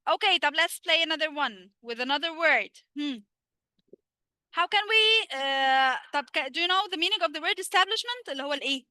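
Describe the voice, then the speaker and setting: Egyptian lady teaching english online, high voice, dry close sound, drags her english words slow. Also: expressive, sharp tone, no room sound. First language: Egyptian Arabic. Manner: switches between English and Arabic, asks questions and answers them herself; slow, drawn-out English for teaching, rapid Arabic asides. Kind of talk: live online English lesson.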